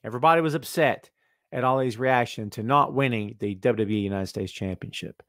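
A man's voice: medium pitch, a little fast, fairly bright tone, no echo, clean studio sound. A man hosting a live-streamed wrestling podcast in casual, sarcastic chat, reading viewer comments aloud and mumbling to himself while he adjusts settings.

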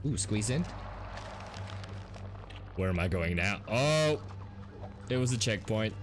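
A man hosting a gaming video, commentating a let's play in an excitable way, gasping and laughing as he plays. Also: fairly low pitch, slow pace. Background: game music.

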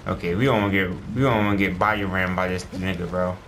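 A man's voice: deep voice, fast, a little hiss or hum. A man giving let's play commentary, exclaiming and talking to the characters on screen. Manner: animated, exclaiming, talks to game characters. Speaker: gaming streamer.

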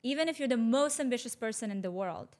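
A woman's voice: on the high side, animated, quick pace, a little mellow. A woman who creates online content, talking as a podcast guest, reflective and often checking in with "right?". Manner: reflective, tag questions with "right?". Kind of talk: casual podcast conversation.

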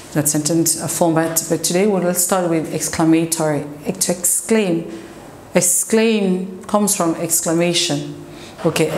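A woman teacher explaining English grammar in a slow classroom lesson, sometimes switching into French. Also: low voice, a little mellow. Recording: echoey room with faint noise.

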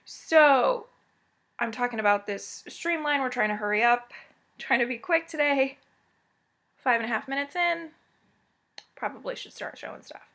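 A woman's voice: fairly high pitch, normal speed, pauses often, a bit bright. A woman vlogger at home giving a casual, rambling cross-stitch update full of asides.

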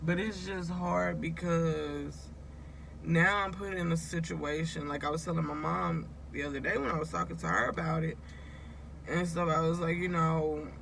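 A woman's voice: deep voice, steady tone, normal speed, creaky, a bit bright, a little hiss or hum. A woman vlogging in a casual, confiding way, emotional and close to tears, rambling and talking straight to her viewers. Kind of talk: casual confessional vlog.

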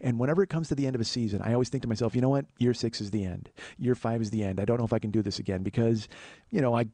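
Fast-talking, profane, earnest podcast man. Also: mellow, no room sound. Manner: acts out quoted voices in a higher pitch. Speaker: podcast host. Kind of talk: solo storytelling monologue.

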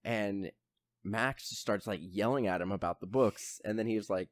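Dude on a movie podcast, lowish voice, dry close mic, rambles on with likes and uhs. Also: male voice, moderate pace, no room sound. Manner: rambling, filler-heavy, retelling scenes. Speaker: podcast co-host. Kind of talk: casual film review chat.

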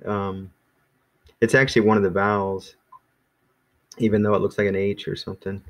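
Casting: man with a lowish voice, easygoing teacher who rambles and restarts with many ums. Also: flat delivery, moderate pace, fairly bright tone. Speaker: Greek teacher. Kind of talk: casual classroom teaching.

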